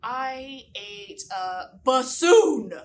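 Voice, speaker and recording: A woman's voice: high-pitched, animated, very slow, far from the mic, a little hiss or hum, full character voice. A woman voicing a greedy, offhand male worm in a silly children's story, talking in a dismissive drawl. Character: greedy, nonchalant male worm who eats instruments.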